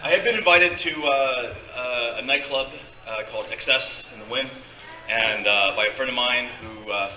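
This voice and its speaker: A man's voice: medium pitch, moderate pace, bright, forceful tone. A man telling a rambling live story on stage, with many fillers and restarts. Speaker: storyteller guest. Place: convention stage before a live audience. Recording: echoey hall, distant mic.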